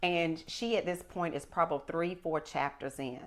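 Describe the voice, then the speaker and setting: A middle-aged woman hosting a podcast, telling stories in an animated, emphatic way. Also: sits low, normal speed. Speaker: podcast host. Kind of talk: casual chat.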